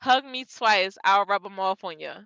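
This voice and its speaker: A young woman telling a road story in a casual vlog, animated and laughing as she retells it. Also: mid-range voice, moderate pace, creaky, no echo, highs cut off. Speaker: vlogger, truck driver.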